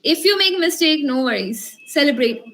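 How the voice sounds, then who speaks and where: A woman's voice: high voice, animated, moderate pace, fairly bright tone. A woman leading an online workshop, encouraging the group and asking them questions. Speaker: communication skills trainer. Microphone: video call.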